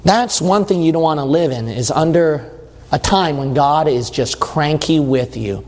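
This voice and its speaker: Male preacher, high voice, emphatic, drawn-out stresses then fast runs, church hall with long reverb. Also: a little mellow. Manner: emphatic, asks the listeners questions; shifts between slow stresses and quick bursts. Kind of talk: sermon.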